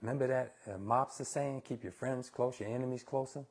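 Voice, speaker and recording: A man's voice: medium pitch, brisk, darkish tone, slightly rough. A man hosting a casual live cooking stream, talking bluntly and opinionated to viewers he calls y'all. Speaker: cooking show host.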